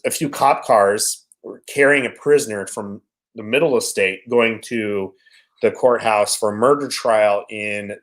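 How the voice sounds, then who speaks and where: A man's voice: fairly low pitch, poor audio. A man from Washington State chatting casually and telling rambling, profane anecdotes as a podcast guest. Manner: laid-back, swearing, rambling anecdotes. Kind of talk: casual chat, storytelling.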